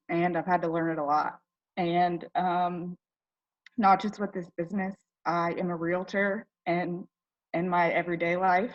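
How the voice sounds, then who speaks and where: A woman's voice: on the low side, fairly even intonation, unhurried, highs cut off. A woman from Ohio telling her personal story on a team call, chatty and emotional, with many fillers. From Ohio, United States. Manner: tearful, chatty, full of fillers. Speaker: direct sales team member.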